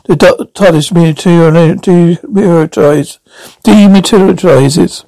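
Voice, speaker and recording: Male narrator, high pitch, dry close sound, plain sci-fi read-through. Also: a little slow, vocal fry, mellow, dry recording, rough recording. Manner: plain descriptive read-through, reading all the parts himself. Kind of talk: narrating and reading out a science-fiction episode.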